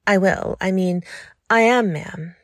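A woman's voice: medium pitch, takes it slowly, no room sound, clean studio sound. A woman voicing a nervous, eager young man who answers politely and a little breathlessly.

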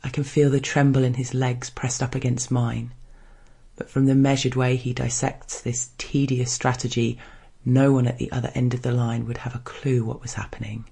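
A man reading an erotic first-person story in a hushed, measured narration. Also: mid-range voice, level tone, vocal fry, breathy edge.

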